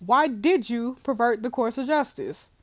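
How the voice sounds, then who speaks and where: A woman's voice: a little high, lively intonation, no echo, voice pushed up. A woman reading the lines of a condescending male police superintendent. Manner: condescending, measured.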